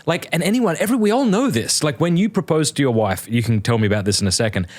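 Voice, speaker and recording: A man's voice: a little high, lively intonation, fast talker. Male host, casual conversation, earnest and thoughtful. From Australia. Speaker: podcast host.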